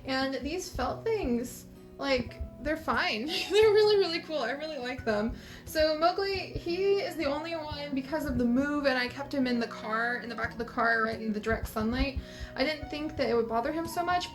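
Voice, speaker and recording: High-voiced chatty woman vlogger. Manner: chatty and enthusiastic, many "like" fillers. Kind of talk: casual chat.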